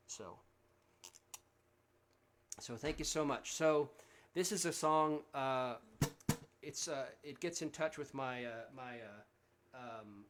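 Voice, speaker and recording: Speaking slowly with frequent pauses, a Central Texas singer-songwriter in a medium-pitched, slightly bright voice chats between songs at his home livestream concert. His friendly, rambling talk is packed with fillers and restarts, captured on a livestream mic.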